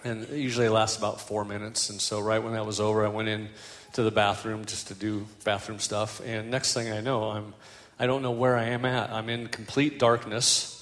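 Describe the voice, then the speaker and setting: A man's voice: on the low side, little pitch movement, normal speed, fairly bright tone, long reverb tail. An older man preaching a sermon as a pastor, telling stories with self-deprecating humor.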